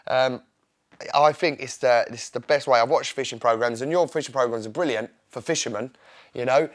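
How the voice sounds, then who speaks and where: A young man with an Essex accent, an interview guest who chats in a rambling, excitable way and laughs often. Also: medium pitch, normal speed. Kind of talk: casual interview chat.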